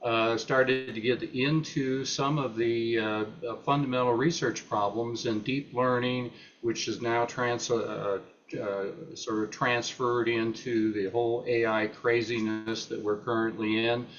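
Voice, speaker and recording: A man's voice: mid-range voice, flat delivery, a bit bright, slight background noise. Older male retired academic, unscripted, hesitant, lots of "uh", slightly dull lo-fi audio. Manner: halting, many fillers and restarts. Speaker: retired professor presenting at a meeting. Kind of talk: unscripted talk.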